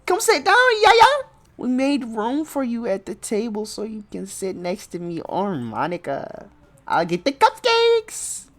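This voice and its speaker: A man voicing a bubbly, cheerful teenage girl from a visual novel in a squeaky, excited falsetto. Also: unhurried, full character voice. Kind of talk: reading a visual novel aloud.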